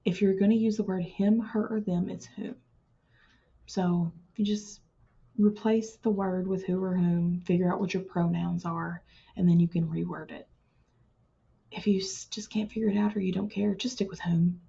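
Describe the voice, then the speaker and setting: A woman's voice: medium pitch, little pitch movement, normal speed, gravelly, warm tone, husky, dull audio. A woman teaching writing to her students in a recorded lesson, explaining patiently and plainly, drawing words out for emphasis.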